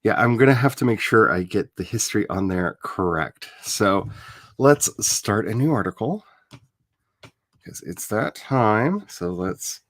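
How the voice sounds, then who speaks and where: A man with a low voice that swings widely, talking in an unhurried, casual livestream chat. He is playful and chatty, and his voice is close and dry with no room sound. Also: lively intonation, fairly bright tone, dry recording. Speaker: author livestreaming his world building.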